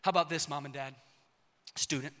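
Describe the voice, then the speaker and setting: Passionate young preacher in a big echoing hall. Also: male voice, fairly high pitch, fairly even intonation, brisk. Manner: passionate, swings from shouting to hushed. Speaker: pastor. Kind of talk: sermon. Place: church auditorium. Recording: long reverb of a large hall.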